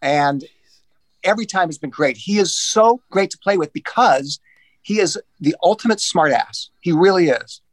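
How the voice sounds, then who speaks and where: A man's voice: sits high, moderate pace, dry recording. A man telling casual golf anecdotes, acting out the voices of the people in them, with frequent restarts. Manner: animated anecdotes, acts out voices, many restarts. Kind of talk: casual storytelling.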